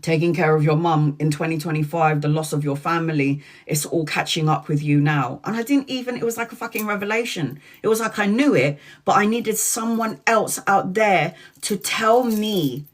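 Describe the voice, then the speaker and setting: A woman's voice: fairly low pitch, moderate pace, hardly any pauses. A woman in her forties hosts a casual tarot live stream. She talks frankly and chattily, drops swear words without a second thought, and keeps calling out her viewers by name. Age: 40s.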